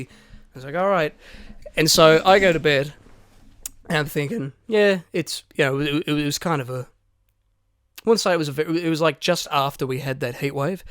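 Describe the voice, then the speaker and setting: Aussie guy on a podcast, bit high voice, dry close mic, animated storyteller who swears a lot. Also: clean tone, dry recording. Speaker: podcast co-host. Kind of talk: casual storytelling chat.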